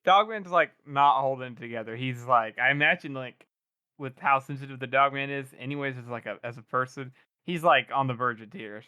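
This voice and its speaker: A man's voice: medium pitch, a little fast, sharp tone, smooth. A man co-hosting a casual book-discussion podcast who jokes around with playful, mock-formal phrasing. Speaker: podcast co-host.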